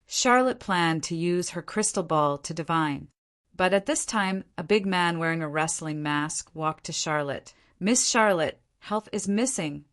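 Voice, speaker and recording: Low-voiced woman audiobook narrator. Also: measured pace, fairly bright tone. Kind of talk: scripted narration.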